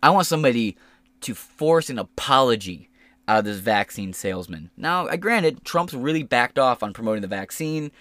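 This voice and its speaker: A man's voice: medium pitch, expressive, moderate pace, fairly bright tone, no room sound. A male podcast host ranting in casual political commentary, heated and full of swearing. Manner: heated, profane rant.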